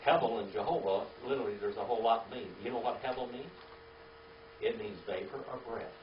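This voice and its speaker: A Bible teacher leads a class with call-and-response, firing questions at the group and drilling Hebrew words out loud. His mid-range voice moves a little fast and sounds roomy, picked up from some distance off the mic. The lo-fi recording is dull, with faint room noise underneath.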